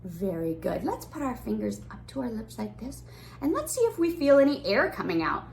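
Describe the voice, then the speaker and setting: A woman teaching an online preschool class, talking to small children in a bright sing-song voice. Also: fairly high pitch, sing-song, normal speed, creaky, slight background noise.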